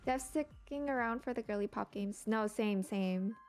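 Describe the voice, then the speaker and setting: A young woman streaming, reacting to a live awards show in casual chat that often jumps into excited exclamations and gasps. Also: mid-range voice, normal speed, faint music behind.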